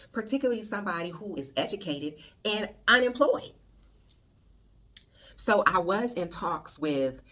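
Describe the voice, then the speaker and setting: Middle-aged woman host, slightly low voice, lively casual monologue. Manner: animated, conversational, slangy. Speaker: podcast host.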